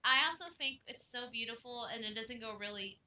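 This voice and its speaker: Brief: young woman co-host, bright and sharp voice, heard off-mic in an echoey room, emotional and animated. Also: a little high, brisk, far from the mic. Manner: emotional, animated storytelling with laughs. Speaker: co-host reviewing films. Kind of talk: casual film review chat.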